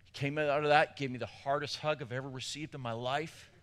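Animated bright-voiced male preacher. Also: mid-range voice, brisk. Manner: animated storytelling, swinging from loud to hushed. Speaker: pastor. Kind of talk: sermon.

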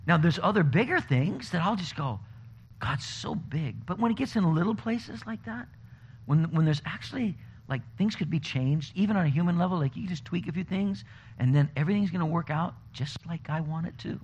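A man preaching a conversational sermon, telling stories in an animated way. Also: on the high side, a little fast. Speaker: pastor. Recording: dull lo-fi recording with faint noise.

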